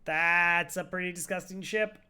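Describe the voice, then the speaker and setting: A man's voice: sits high, fairly even intonation, normal speed, sharp tone, slight background noise. A man casually reviewing a game run, laid-back, critiquing it with short quips. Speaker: co-host reviewing the old run.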